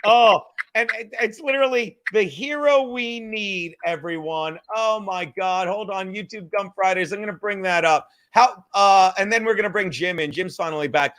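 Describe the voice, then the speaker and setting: High, bright-voiced profane male podcast host. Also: moderate pace, few pauses, dry recording, clean studio sound. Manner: profane, excitable storyteller, laughs and shouts. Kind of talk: casual comedic podcast chat.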